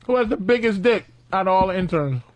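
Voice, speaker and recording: A man's voice: high-pitched, animated, quick pace. A man co-hosting talk radio, joking and mimicking others. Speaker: radio co-host.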